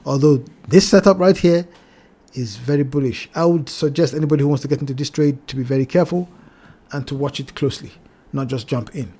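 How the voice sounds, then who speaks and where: A man hosting a trading channel, walking through price charts in a cautionary tone, repeating his warnings and addressing viewers as ladies and gentlemen. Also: medium pitch, a little fast, husky. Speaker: crypto trading channel host. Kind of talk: chart analysis talk.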